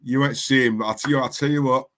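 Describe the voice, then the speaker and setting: A man's voice: medium pitch, steady tone, quick pace, fairly bright tone. A man hosting a live stream, chatting casually and reading out viewer comments in a rambling, repetitive way. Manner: chatty, rambling, repeats himself. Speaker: livestream host.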